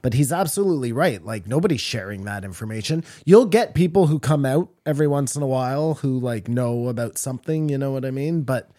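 A man's voice: medium pitch, lively intonation, fairly quick, few pauses, mellow, no room sound, clean studio sound. A man co-hosting a podcast in casual chat, questioning others and groping for words. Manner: questioning, hesitant, many restarts and fillers. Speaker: podcast co-host.

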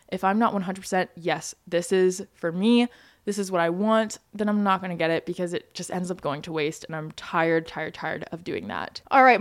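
A woman's voice: medium pitch, smooth. A woman in her early twenties hosting her own podcast, chatting casually with lots of "like" and "you know" fillers. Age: young adult, 22. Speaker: podcast host. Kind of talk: casual solo podcast chat.

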